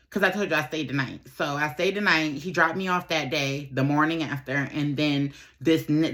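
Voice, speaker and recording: A young adult woman vlogger telling a casual storytime, animated and slangy, rambling with lots of fillers. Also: low voice. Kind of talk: casual storytime while getting ready.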